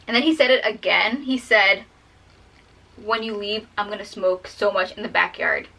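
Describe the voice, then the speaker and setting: A woman's voice: mid-range voice, moderate pace, vocal fry, pushed and bright, low-quality recording. A young woman vlogger telling a personal story while drawing, fighting back tears and rambling with many fillers.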